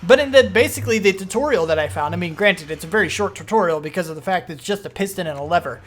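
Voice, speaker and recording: A man commenting on his own gameplay as he plays, rambling through explanations and breaking into panicky, excitable outbursts. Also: sits high, fast talker. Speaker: gaming video host.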